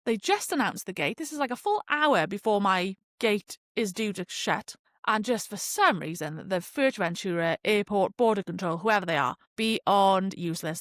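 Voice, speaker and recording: A woman's voice: medium pitch, fairly quick, dry recording, studio quality. Chatty young woman podcaster. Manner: chatty, lively storytelling with frequent laughs and fillers. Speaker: podcast host. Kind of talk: casual chat.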